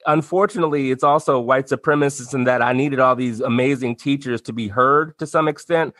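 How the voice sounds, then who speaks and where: A man's voice: mid-range voice, brisk, fairly bright tone, no room sound. A man speaking as an interview guest in a casual, conversational way, often checking in with "right?". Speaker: guest, activist and yoga teacher.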